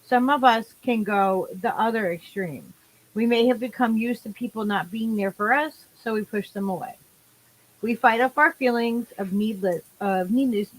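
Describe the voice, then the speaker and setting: A woman co-hosting a casual talk show, reading affirmations slowly and gently and giggling now and then. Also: a little high, low-quality recording. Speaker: podcast co-host.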